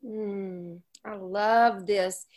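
A woman hosting a casual Christian women's ministry chat, effusive and encouraging, with rambling restarts and warm laughs. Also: medium pitch, steady tone, very slow.

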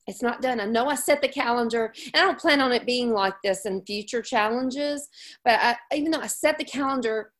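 A woman's voice: on the high side, a little fast, fairly bright tone. Effusive woman hosting a faith talk. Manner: effusive and encouraging, with spontaneous laughs; speaks in rambling restarts. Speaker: host of a Christian women's ministry challenge. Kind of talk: casual faith chat.

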